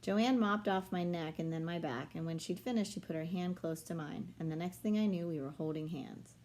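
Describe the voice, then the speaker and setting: A woman reading a children's novel aloud with a low-set voice. She tells the story steadily, switching into the children's voices for dialogue. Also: brisk, a little mellow. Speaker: reader.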